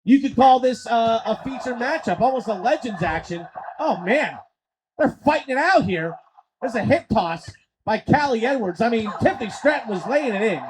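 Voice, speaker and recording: A man calling wrestling play-by-play on a live stream, excitable and profane, swinging into shouts. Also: extremely high pitch, normal speed, background noise. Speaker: play-by-play commentator.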